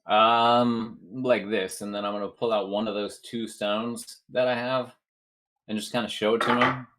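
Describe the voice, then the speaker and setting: A man playing a tabletop game, speaking hesitantly and halting with fillers. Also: lowish voice, fairly even intonation, a bit bright. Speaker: player. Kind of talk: tabletop role-play.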